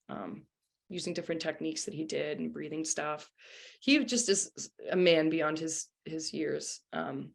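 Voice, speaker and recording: A young woman, a singer and former contestant, chatting casually in an interview with lots of "you know" and "um". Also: low voice. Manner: chatty with many fillers like 'you know' and 'um'.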